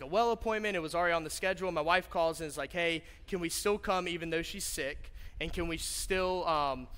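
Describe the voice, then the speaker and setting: A man's voice: a little high, clean tone. A young man preaching a sermon, telling a personal story in a conversational, joking way that builds to fervent appeals. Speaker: pastor. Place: church auditorium. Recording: church hall reverb with soft guitar.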